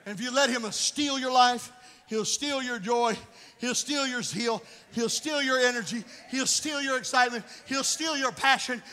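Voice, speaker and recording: Brief: high, bright male pastor, blunt and scolding, preaching in a reverberant church hall. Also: moderate pace. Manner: blunt and scolding, swinging to shouting. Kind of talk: sermon.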